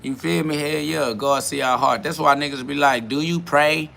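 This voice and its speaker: Medium-pitched with vocal fry and a sharp edge, he keeps a steady tone at a moderate pace, with slight background noise. The speaker, a podcast host in his twenties, rambles casually, swearing and using slang while reading chat comments and repeating "you feel me."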